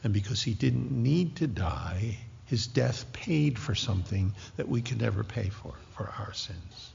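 A man in his sixties preaching a sermon, joking lightly at first and then dropping to a hushed, whispered intensity. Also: mid-range voice, measured pace, gravelly, slightly rough. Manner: animated, jokey asides that drop to hushed, whispered intensity. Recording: dull lo-fi recording with long hall reverb.

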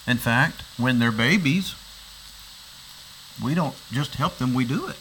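On a rough recording with a little hiss or hum, a male pastor with a medium-pitched, fairly bright voice delivers a sermon. He works through a passage in a teaching manner, throwing out rhetorical questions and frequently repeating words when he restarts.

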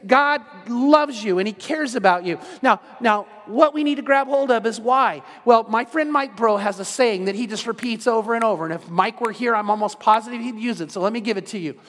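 A man's voice: very high voice, fairly quick, a bit bright. A middle-aged man preaching a sermon as a pastor, earnest and repetitive, often restarting his words. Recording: long hall reverb.

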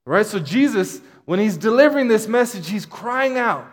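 A male pastor preaching a sermon, animated, with frequent restarts and conversational asides. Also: high voice, normal speed, few pauses, big-room sound.

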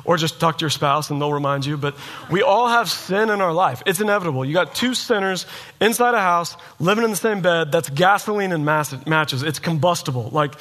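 A man's voice: on the high side, brisk, a bit bright. A man preaching a sermon in a casual, storytelling way, acting out the voices of people in his story. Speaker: pastor.

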